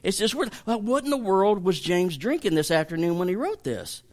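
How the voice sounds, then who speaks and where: A man's voice: sits high, very animated, moderate pace. Chatty man teaching Scripture. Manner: chatty, emphatic, joking with listeners. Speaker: pastor teaching a Bible study. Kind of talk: casual evening Bible teaching.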